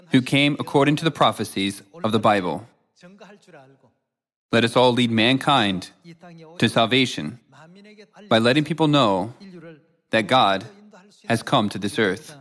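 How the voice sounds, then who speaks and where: A man preaching in a measured, solemn read-aloud style, quoting scripture between his points. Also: mid-range voice, fairly bright tone. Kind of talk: scripted sermon narration.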